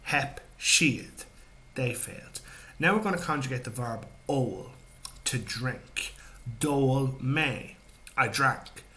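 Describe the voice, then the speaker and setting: A man with an Irish accent teaching grammar, calmly drilling verb forms in careful repetitions. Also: mid-range voice, slow pace, a little hiss or hum. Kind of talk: instructional explanation.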